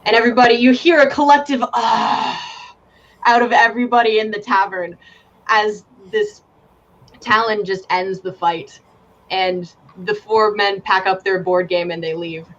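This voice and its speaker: A woman's voice: mid-range voice, steady tone, normal speed. A woman narrating a tabletop game as game master, giggling as she tells it, on a dull lo-fi recording with faint hiss. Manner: giggly, casual storytelling.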